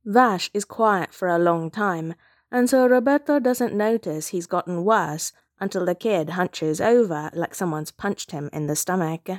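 A woman narrating a story aloud, steady and measured. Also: lowish voice, no room sound, clean studio sound. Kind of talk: reading fan fiction aloud.

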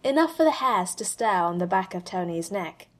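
A woman with a mid-pitched voice reads a fan story aloud. Her narration is expressive, with pauses that build suspense. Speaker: fanfiction reader.

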